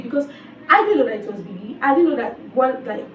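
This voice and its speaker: A woman's voice: high-pitched, expressive, quick pace, a little hiss or hum. A woman giving a casual, exasperated commentary and repeating phrases for emphasis. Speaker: reality TV commentator. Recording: roomy, distant, dull sound.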